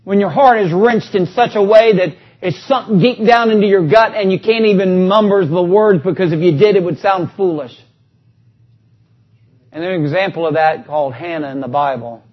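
A high-pitched man, preaching an animated sermon. He shifts between plain talk to the congregation and scripture read aloud. The recording sounds dull and lo-fi. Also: normal speed.

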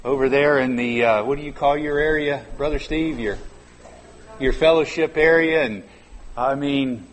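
A man's voice: medium pitch, moderate pace. A man preaching a sermon at a church conference, conversational and then suddenly emphatic on key words. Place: large church conference hall. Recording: reverberant hall with faint ambience.

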